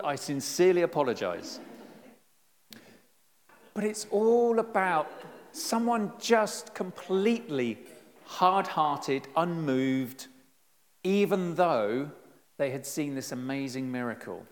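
A middle-aged man giving a conversational, lively sermon with self-deprecating humor, recorded in a church. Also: a little high, unhurried. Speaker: preacher. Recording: long reverb in a church hall.

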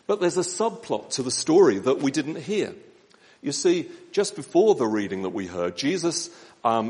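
Gentle male preacher in echoing church. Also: a little high. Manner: gentle, measured, with slow emphatic pauses. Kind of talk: sermon. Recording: long church reverb.

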